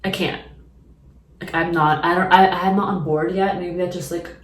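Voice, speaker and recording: A woman's voice: on the low side, steady tone, fairly quick. A young woman chatting casually through a makeup routine, rambling with lots of fillers. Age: young adult. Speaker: beauty vlogger. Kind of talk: casual makeup tutorial chat. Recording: echoey room, mic at a distance.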